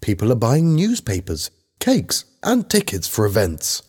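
A man's voice: fairly low pitch, huge pitch swings, unhurried, a little mellow, breathy edge, exaggerated voice. A man voicing Helen, an earnest, organised teenage schoolgirl, explaining things patiently in a read-aloud story.

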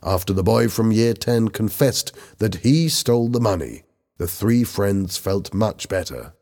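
Low, husky male narrator. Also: moderate pace, a little mellow. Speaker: audiobook narrator. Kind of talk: scripted narration.

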